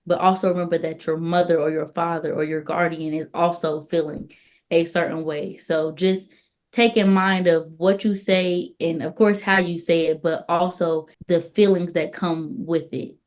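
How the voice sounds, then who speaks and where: Earnest young woman guest, low voice. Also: steady tone, moderate pace, darkish tone. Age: young adult. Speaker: guest, daughter. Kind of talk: casual interview.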